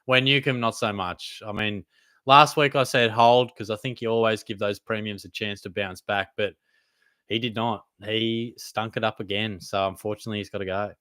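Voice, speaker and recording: On a casual live stream, a young Aussie bloke takes viewers' fantasy football questions, easygoing and calling everyone mate. His voice is on the low side, at a normal speed, with no echo.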